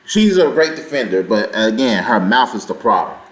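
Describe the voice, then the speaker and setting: A man hosting a sports reaction vlog, talking in an excitable, indignant and rambling way. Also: fairly low pitch, normal speed, reverberant. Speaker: sports channel host.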